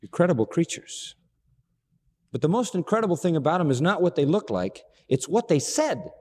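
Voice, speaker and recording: In a husky, sing-song voice at normal speed, a preacher gives a dramatic sermon. He voices the dialogue he quotes and moves from quiet low stretches to loud, high-pitched cries, all heard through long hall reverb.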